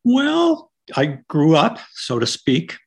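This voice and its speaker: An older American man from Iowa, a poet and writer, recalling his past in an unhurried, reflective interview style. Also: on the high side, huge pitch swings, vocal fry, slightly rough. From Iowa, United States. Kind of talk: reflective conversational storytelling.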